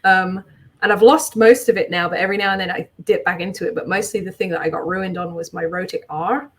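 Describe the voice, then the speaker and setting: A woman with a Kentish accent from southeast England chats casually as an artist co-host. Her voice is fairly low and fast with fairly even intonation, though her sentences often rise at the end.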